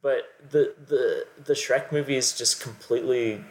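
A man's voice: mid-range voice, measured pace. A man co-hosting a podcast, analyzing films in a rambling casual way, peppering his talk with "like". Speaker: podcast co-host. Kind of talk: casual film discussion.

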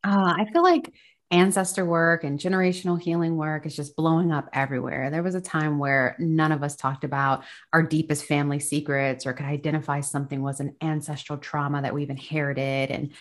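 Low-voiced woman life coach. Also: steady tone, a little fast. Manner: flowing, earnest, laughs easily. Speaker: spiritual life coach, podcast guest. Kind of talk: casual podcast interview.

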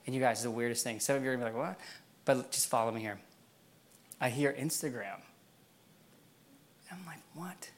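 A man's voice: medium pitch, steady tone, fast, pauses often. A man preaching a sermon in a church, telling a personal story in a casual way, with many fillers and frequent laughs. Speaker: pastor.

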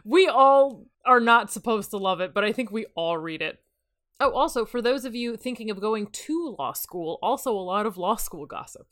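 A woman's voice: on the high side, animated, normal speed, fairly bright tone. Wry woman co-hosting a comedy podcast. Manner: wry, sarcastic commentary. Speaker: podcast co-host reading a novel aloud. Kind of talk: comedic book-reading podcast.

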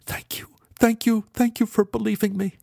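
A frightened, fragile young woman, as a male narrator puts her on, her voice lifted high and pleading through tears. The storybook reading sounds close and dry, with no room around it. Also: normal speed, creaky, darkish tone, no echo. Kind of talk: audiobook character voice.

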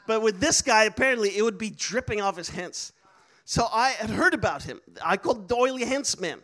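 A man's voice: sits high, animated, normal speed, fairly bright tone. A man preaching a sermon, telling a story with laughs and acting out the voices of people he quotes. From Netherlands.

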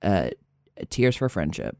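A man's voice: sits low, big pitch swings, takes it slowly, a little mellow, slight background noise. A man playing along in a casual comedy podcast chat, self-mocking and easily amused. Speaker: podcast co-host.

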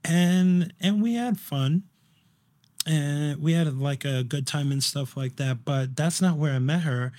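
A man's voice: on the high side, measured pace, darkish tone. A young man chatting casually on a podcast, telling a story in a rambling way with lots of fillers and restarts. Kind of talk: casual chat.

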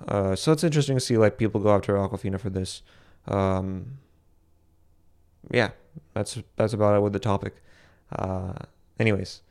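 A man's voice: on the low side, a little mellow, clean tone. A young man from Boston hosting a solo commentary podcast, rambling with frequent restarts and self-corrections. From Boston, USA. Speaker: podcast host.

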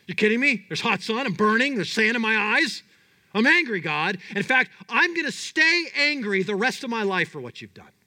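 An aggrieved, exasperated prophet grumbles and protests in a high, bright voice, as a preacher puts him on. He is indignant and sulking, and his complaints tumble out in exclaiming bursts. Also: very animated, normal speed, exaggerated voice.

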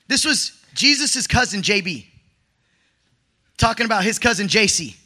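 A man in his thirties preaching in a high-pitched, very bright voice. He tells his stories in a lively, slang-filled way and pushes his voice up into shouts at the peaks. His sermon feels like an energetic testimony. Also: moderate pace, long pauses. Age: 30s. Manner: animated storytelling with slang, rising to shouts.

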